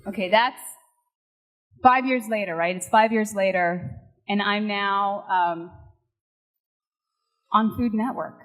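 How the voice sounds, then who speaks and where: A woman's voice: medium pitch, takes it slowly, long pauses, a bit bright, poor audio. A woman from Puerto Rico, a chef and TV host, giving a heartfelt motivational speech that builds to rallying calls.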